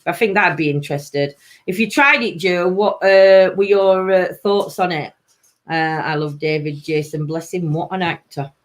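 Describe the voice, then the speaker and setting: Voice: medium pitch, normal speed. A host with a Sheffield accent chatting casually on a live stream, reading out viewer comments, laughing often and trailing off mid-sentence. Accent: Sheffield, Yorkshire. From England.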